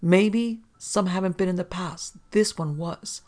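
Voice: mid-range voice, unhurried, darkish tone, close to an everyday voice. A narrator voicing a frightened, desperate American gambler in an audiobook, speaking unsteadily. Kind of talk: audiobook character reading.

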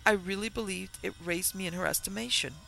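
A man reading a reserved young widow's account in an audiobook, measured and restrained. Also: sits high, vocal fry, sharp tone, faint music behind, pitched above the performer's own voice, full character voice. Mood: wary.

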